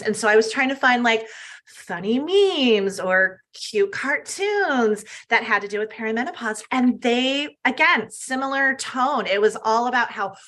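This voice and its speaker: A woman's voice: on the high side, sharp tone. A middle-aged woman talking as a guest health coach in a casual, earnest and upbeat interview chat.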